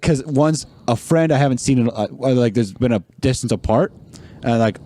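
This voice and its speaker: A man's voice: mid-range voice, normal speed, dark tone, dry recording, clean studio sound. A young man in his twenties talking casually as a podcast guest. He acts out voices in his stories and laughs often. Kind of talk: casual chat.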